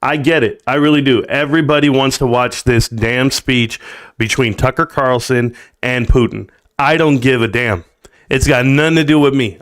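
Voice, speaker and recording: A man hosting his own live stream, ranting casually in an animated, blunt way. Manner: animated and blunt, pitch jumping up with emphasis. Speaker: livestream host.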